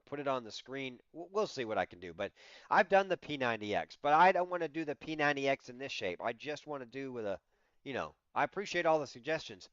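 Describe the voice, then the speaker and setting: A sixty-year-old man telling stories on a livestream, his voice smooth and clear and a little high for a man. The sound is dry and close, a touch dull at the top. He rambles, laughs easily and acts out his own quoted lines. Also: a bit bright, no echo. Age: 60s. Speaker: livestream host. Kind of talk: casual livestream chat.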